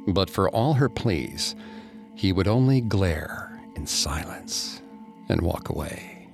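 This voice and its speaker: A man narrating a true-crime story in a measured, somber storytelling manner. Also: deep voice, expressive, creaky, faint music behind.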